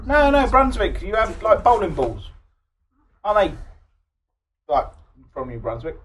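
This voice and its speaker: A man's voice: high-pitched, big pitch swings, takes it slowly, fairly bright tone, slightly rough, rough recording. An Englishman in casual comedy chat who jokes and needles the others cheekily. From England. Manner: joking, cheeky, playful. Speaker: podcast regular.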